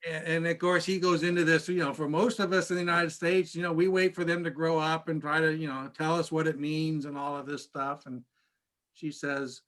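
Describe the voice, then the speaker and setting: A man, a pastor, telling stories in a casual church class, chatty and halting with frequent restarts. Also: on the high side, level tone, a bit bright. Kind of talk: casual storytelling lesson.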